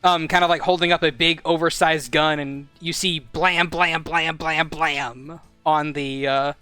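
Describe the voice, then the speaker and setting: A game master narrates scenes in a loose, rambling way, full of fillers. His voice sits a bit high, bright and crisp, recorded dry and close, with faint music behind him. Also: fairly even intonation, a little slow, no echo.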